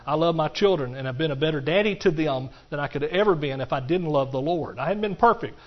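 In a slightly dull, lo-fi recording, a middle-aged pastor preaches at a quick pace with folksy energy. His voice is a little higher than typical for a man, and he turns to speak straight to the congregation between points.

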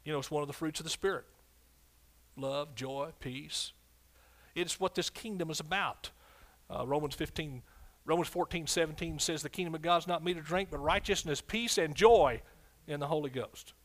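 A man preaching a sermon as pastor, swinging between loud declarations and quiet asides, often calling out for an amen. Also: a little high, moderate pace.

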